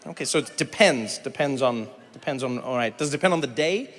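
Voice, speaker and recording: A man's voice: medium pitch, a little fast, long reverb tail, a faint crowd, a little hiss or hum. A South African-born man doing stand-up comedy, telling stories and chatting with the audience, often mimicking other people's voices. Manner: animated storytelling, mimics voices, chats with audience. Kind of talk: stand-up comedy with crowd work. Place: large venue with live audience.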